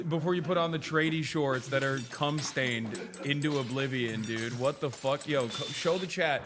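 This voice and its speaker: A young man hosting a stream, chatting and joking excitedly with friends and swearing casually. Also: medium pitch, a little slow, over music. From United States. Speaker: streamer host. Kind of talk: casual reaction chat with friends.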